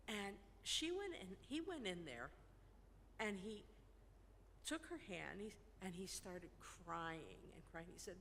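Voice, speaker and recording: A woman shares a personal story with a grief group, haltingly and with restarts. Her voice has a gravelly fry at mid pitch. The recording carries a long hall reverb and faint room ambience. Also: lively intonation, fairly bright tone, slight background noise. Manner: halting, searching for words. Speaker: group participant.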